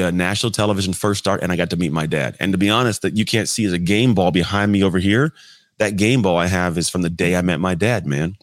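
Man, 30s, interview guest; low voice, dry close sound, candid and blunt. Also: no echo. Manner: blunt, conversational, occasional mild swearing. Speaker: podcast guest.

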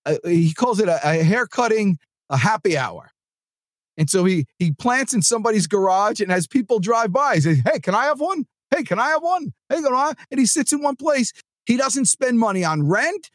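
A man hosting a sales podcast, giving an energetic, joking pep-talk monologue into a close mic. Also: high-pitched, dry recording.

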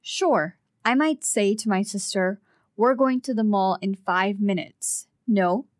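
A woman co-teaching a language lesson, explaining phrases in a measured, patient way. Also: medium pitch, no echo, clean studio sound.

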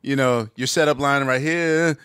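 A man's voice: mid-range voice, steady tone, normal speed, fairly bright tone, clean tone, no room sound, clean studio sound. A man hosting a casual interview, enthusiastically breaking down music with spoken examples. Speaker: podcast host.

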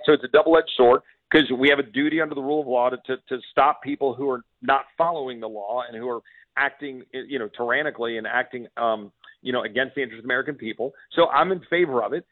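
A man's voice: mid-range voice, quick pace, dry recording. A congressman from Texas calling in to a radio interview, speaking in a fiery, emphatic way with frequent restarts. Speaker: congressman guest. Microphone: phone. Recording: tinny dry phone line.

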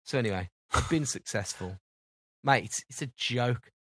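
A man's voice: mid-range voice, lively intonation, moderate pace, fairly bright tone, breathy edge, no echo. A British man co-hosting a podcast, rambling through everyday anecdotes in casual chat and acting out the dialogue. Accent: British English. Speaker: podcast co-host.

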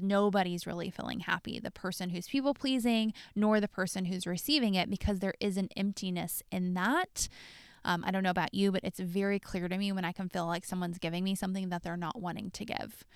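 On her reflective solo podcast, a young adult woman coach speaks candidly about her own mistakes, scattering plenty of "like" and "you know" fillers throughout. Her medium-pitched voice has a clear, resonant tone. There's no room sound, and the audio is clean studio quality.

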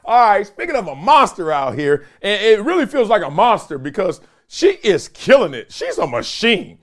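A middle-aged man delivers casual sports commentary on his own show, full of slang and quick laughs as he talks straight to his audience. His voice sits a little high and swings widely up and down as he riffs. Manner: animated, slangy, laughs often, talks to viewers.

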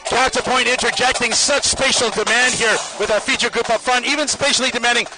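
A man giving running spoken commentary as a marching band judge outdoors on the field, appraising the players with quick bursts of praise. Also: very high-pitched, steady tone, loud music behind the voice, rough recording. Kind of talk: live judging commentary over a performance. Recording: live brass band loud behind.

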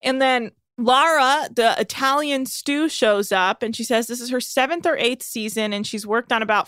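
A woman's voice: mid-range voice, no echo, studio quality. A woman co-hosting a podcast, recapping a reality show in a chatty, sarcastic way. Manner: chatty and sarcastic, mimics people in a flat monotone. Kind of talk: casual chat.

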